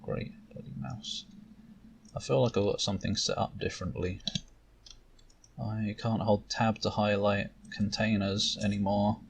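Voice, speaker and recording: A man's voice: lowish voice, steady tone, measured pace, vocal fry. A man giving casual, sarcastic commentary as he plays a game, reading the game's text aloud and swearing now and then. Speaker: gameplay commentator. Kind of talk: casual let's-play commentary. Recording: loud noise, distant mic.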